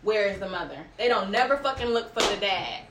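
Outspoken woman guest, off-mic and distant, echoey room with clear background noise. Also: medium pitch, brisk. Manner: outspoken, swears when annoyed. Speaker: podcast guest. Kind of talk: casual group discussion.

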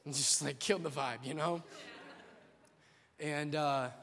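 A young man preaching a sermon, impassioned, swinging between loud declarations and hushed asides, in a large church. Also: on the high side, steady tone, takes it slowly. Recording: long hall reverb.

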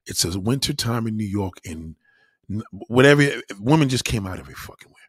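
Speaking briskly and with animation, a young man hosting a livestream delivers a casual rant that's blunt and profane, often beginning sentences again. His fairly low, husky voice comes through with studio quality and no echo.

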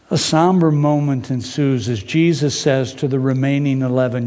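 A man preaching a sermon in a dramatic storytelling way, pausing and repeating phrases. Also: mid-range voice, steady tone, darkish tone. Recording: reverberant hall.

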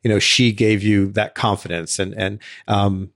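A man hosting an interview, speaking in a measured, reflective, encouraging way. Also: fairly low pitch, level tone, a bit bright, no echo. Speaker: podcast host. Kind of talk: casual interview talk. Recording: dry close sound.

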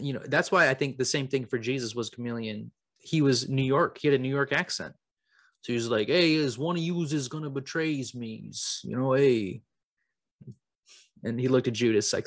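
A young man co-hosting a comedy podcast, spinning absurd claims with a mock-serious, deadpan delivery. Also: mid-range voice, dry recording, studio quality. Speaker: podcast co-host. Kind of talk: improvised comedy podcast chat.

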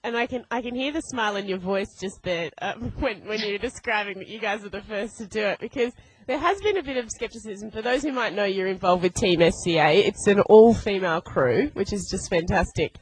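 A woman's voice: medium pitch, a little fast, slightly rough, dry recording, rough recording. Chatty woman radio host, dry sound. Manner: chatty, laughing, enthusiastic. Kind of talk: casual radio interview.

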